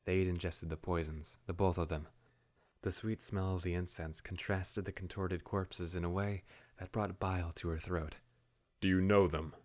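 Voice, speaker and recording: A man narrating a fantasy story in a steady, measured way. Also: sits low.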